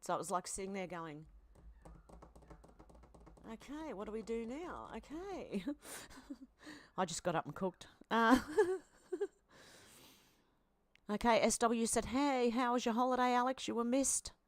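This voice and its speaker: A woman's voice: on the high side, a little slow, pauses often, no room sound. An Australian woman hosting a live stream, casually reading out posts and viewer comments with chatty asides. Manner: chatty, reacts aloud, with asides and fillers.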